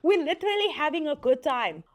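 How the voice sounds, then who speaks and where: A young woman telling a story on her vlog in a lively, laughing way, acting out what people said. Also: high voice, a little fast. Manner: animated, laughing, acts out quotes. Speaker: vlogger. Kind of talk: casual story time.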